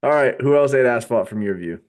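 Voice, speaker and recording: A man's voice: mid-range voice, animated, a little fast, darkish tone. A man co-hosting a podcast, chatting casually and joking in a dry, mock-serious way. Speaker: podcast co-host. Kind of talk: casual chat.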